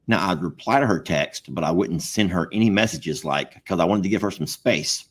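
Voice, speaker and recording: A man's voice: low voice, normal speed, breathy edge. A man co-hosting a casual chat, joking and acting out quoted texts in a raised voice. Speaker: co-host.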